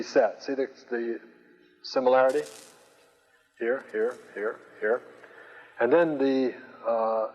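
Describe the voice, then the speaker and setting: A man's voice: mid-range voice, a little mellow, slightly rough. Patient male Greek teacher, dull hall sound. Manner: slow, patient, hesitant with many fillers. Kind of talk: recorded classroom lecture. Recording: lo-fi recording with long reverb.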